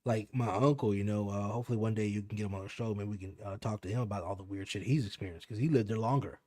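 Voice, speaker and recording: A man's voice: on the low side, fast talker, warm tone. A young man on a podcast, telling a spooky story casually with lots of fillers and swearing. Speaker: podcast co-host.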